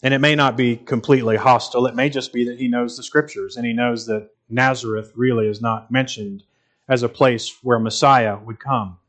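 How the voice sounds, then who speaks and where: A man's voice: medium pitch, steady tone, moderate pace, a bit bright. A man preaching a sermon in an earnest, emphatic way, repeating phrases for stress.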